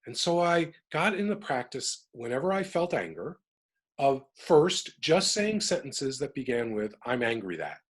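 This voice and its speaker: A man's voice: fairly high pitch, measured pace, slightly rough. A middle-aged man from the United States, talking emphatically as an interview guest about working through his emotions. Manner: animated, emphatic, works through emotions aloud. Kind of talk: reflective personal talk.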